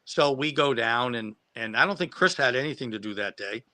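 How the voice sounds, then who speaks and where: A man's voice: mid-range voice, animated, a little fast, pushed and bright, dry recording. A man telling a long, rambling anecdote about his days as a film extra, full of restarts and laughing at his own story. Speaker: guest who acted as a child extra. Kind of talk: casual anecdote on a live stream.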